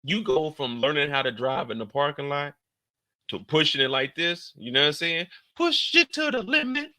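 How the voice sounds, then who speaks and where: A man giving casual reaction commentary on a TV show, profane and animated, acting out scenes in high squeals and shouts. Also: moderate pace, dry recording.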